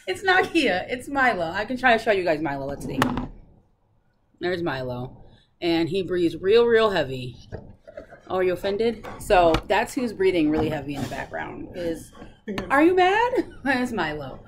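A woman's voice: lowish voice, sing-song, normal speed. A young woman hosts a casual stitching update from her living room. She talks like a storyteller and laughs often. A faint hum sits underneath her voice. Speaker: flosstube host. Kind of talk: casual chat.

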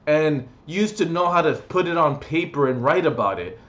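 A man's voice: on the high side, animated, moderate pace, fairly bright tone, highs cut off. Profane ranting young man. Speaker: vlogger reviewing music. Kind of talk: comedic rant.

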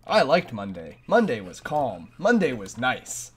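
A man's voice: medium pitch, huge pitch swings, a little slow, few pauses, fairly bright tone, a little hiss or hum. A man commentating a horror game as he plays, frantic and self-mocking, often repeating himself in a panic. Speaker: gameplay commentator. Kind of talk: let's play commentary.

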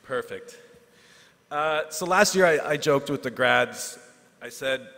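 A man, a teacher giving a graduation speech, earnest and self-deprecating, with asides and pauses for effect. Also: medium pitch, vocal fry, bright, forceful tone. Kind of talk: ceremonial speech. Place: large hall at a ceremony. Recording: hall reverb.

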